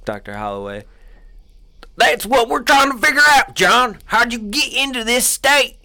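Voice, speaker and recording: A man voicing a stern doctor who questions a reanimated corpse loudly. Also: very high voice, big pitch swings, a little slow, pitched above the performer's own voice, exaggerated voice.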